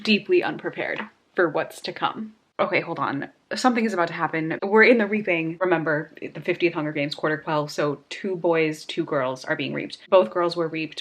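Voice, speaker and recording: Young woman, book vlogger, casual chat, emotional, exclaiming. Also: sits low. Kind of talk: casual reading vlog.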